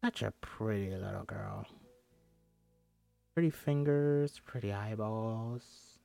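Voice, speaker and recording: A man voicing a creepy old witch sister who hungers for children, speaking in a soft, drawn-out, sinister purr. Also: on the low side, vocal fry, dry recording, soft background music.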